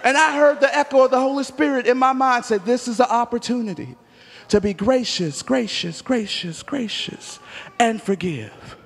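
A man preaching a sermon, telling stories with acted-out dialogue and rising to emphatic near-shouts. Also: high-pitched. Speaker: pastor. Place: church sanctuary. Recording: long church hall reverb.

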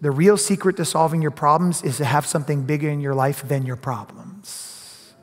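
A middle-aged man delivers a sermon in a big church, his voice pitched high. He preaches in an animated way and slips into other people's voices. A long reverb from the hall trails his words. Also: moderate pace. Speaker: pastor. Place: church sanctuary.

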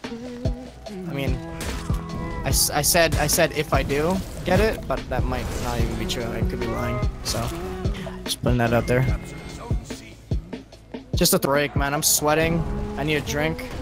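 A young man giving casual, excitable live gameplay commentary, cheering and swearing. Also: mid-range voice, measured pace, long pauses, over loud music. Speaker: gaming streamer.

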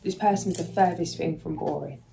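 A woman's voice: fairly low pitch, fairly quick, gravelly, poor audio. A woman giving a soothing spiritual tarot reading to her viewers, speaking emotionally and sometimes searching for words. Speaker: tarot reader. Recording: soft music underneath.

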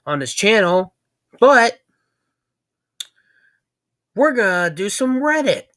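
A woman's voice: medium pitch, big pitch swings, takes it slowly, fairly bright tone, no room sound, studio quality. A young woman giving casual reaction commentary, swearing a lot and laughing between surprised exclamations. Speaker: reaction video creator.

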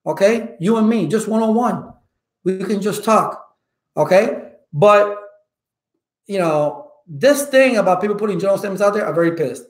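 A loud, emphatic male instructor talks casually to his viewers, with a voice that sits a bit high. He keeps punctuating his points with "okay?". The room gives his voice an echo. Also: lively intonation, moderate pace. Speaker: IT certification instructor.

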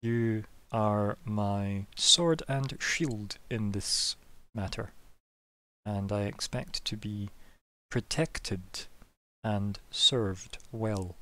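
A man voicing a smug, imperious male alien patron who gives orders in an oily, condescending, drawn-out way. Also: lowish voice, bright, forceful tone, exaggerated voice. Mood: menacing.

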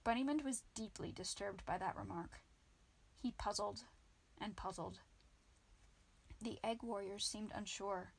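A woman narrating a children's book in an amateur audiobook, reading lively. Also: mid-range voice, unhurried, vocal fry, long pauses, husky. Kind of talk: children's book read-aloud.

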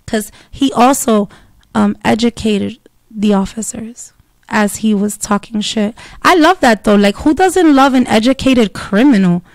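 A woman telling a story in blunt, profane, animated casual talk, with Spanish words dropped in. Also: fairly high pitch, unhurried, dry recording.

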